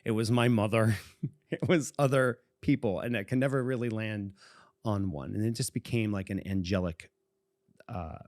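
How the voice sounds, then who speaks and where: Man in his forties, from Boston, low voice, dry close sound, meandering casual storytelling. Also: normal speed, darkish tone, no room sound. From Boston, USA. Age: 40s. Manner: meandering, chuckles often. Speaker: podcast co-host.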